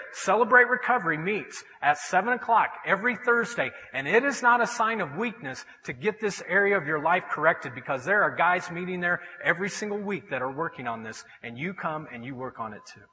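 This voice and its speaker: A pastor delivers his sermon in a church sanctuary, his high voice swinging widely as he tells stories and acts out the voices of the people in them. The sound carries a long hall reverb. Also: a little fast, hardly any pauses. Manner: animated storytelling, acting out quoted voices.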